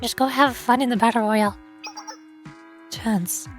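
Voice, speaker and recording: Young female streamer, high voice, chatty and sarcastic. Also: fairly even intonation, unhurried, soft background music. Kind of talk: casual gaming stream chat.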